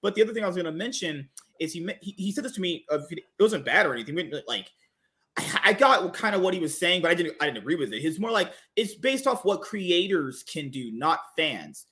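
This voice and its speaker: A man's voice: high-pitched, very animated, fairly quick, pushed and bright. A man talking as a guest on a podcast, casual and emphatic, repeating words and swearing now and then.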